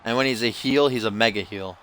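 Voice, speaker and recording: Bright-voiced man calling game wrestling. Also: medium pitch, fairly quick, a little hiss or hum. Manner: excitable, slangy, calls the action like a wrestling announcer. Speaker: gameplay commentator. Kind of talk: casual play-by-play commentary.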